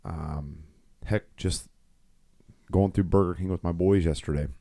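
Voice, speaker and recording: A man's voice: low voice, steady tone, unhurried, gravelly, mellow. A middle-aged man co-hosting a podcast, telling a rambling faith story with many fillers and restarts. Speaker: podcast co-host. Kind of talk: casual faith talk.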